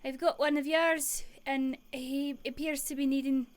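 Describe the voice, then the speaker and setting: A woman's voice: mid-range voice, measured pace, a little mellow, close to an everyday voice. Woman doing a nervous kindly cart driver. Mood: earnest. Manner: hesitant, filler-heavy.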